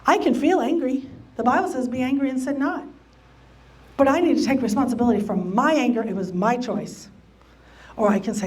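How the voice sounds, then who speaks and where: This woman's voice is a little high and darkish in tone, and she talks fairly quickly. As a Bible study teacher in a church meeting room, she gives an emphatic lesson on relationships, repeating key phrases and voicing what people might say.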